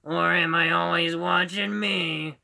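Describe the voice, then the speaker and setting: Roz: a man doing a grumpy raspy monster lady. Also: fairly high pitch, steady tone, slow pace, bright, forceful tone, voice pushed up, full character voice. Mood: menacing. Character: grumpy slug-like female monster clerk.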